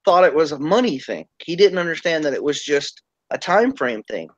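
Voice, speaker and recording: High-voiced man, animated storyteller, casual online chat, muffled lo-fi audio. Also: normal speed, dry recording. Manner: animated storyteller, quotes others with raised pitch. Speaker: chat participant sharing memories.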